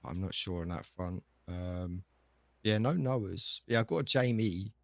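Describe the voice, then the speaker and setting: A man's voice: sits low, measured pace, gravelly, dry recording. A man playing a chatty, easygoing shop manager in a game role-play, rambling with lots of fillers. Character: laid-back male shop manager, chatty. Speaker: shop chief operating officer.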